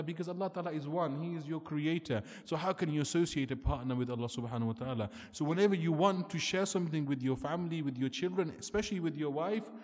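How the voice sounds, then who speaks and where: Guy giving a sermon, kinda high voice, long echo off the hall, earnest and pushy. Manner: earnest, emphatic, rhetorical questions. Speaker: preacher.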